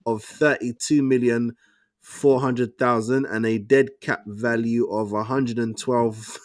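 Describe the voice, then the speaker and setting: A man's voice: medium pitch, steady tone, a little slow, dry recording, clean studio sound. A man co-hosting a sports show, reading figures aloud in a laid-back, casual way. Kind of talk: casual chat.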